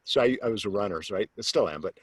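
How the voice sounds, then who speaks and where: A man, a sales coach, telling a personal story as an interview guest, animated and acting out the voices of the people in it, then turning low and earnest to make his point. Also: quick pace, breathy edge. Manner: animated storyteller who acts out quoted voices; drops to a low, earnest tone when making a point.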